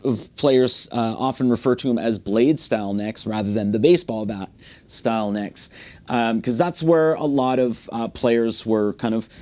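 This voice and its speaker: A man reviewing a guitar in a relaxed, rambling way, with frequent fillers and restarts. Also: mid-range voice, normal speed. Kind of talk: casual gear review. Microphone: studio condenser mic.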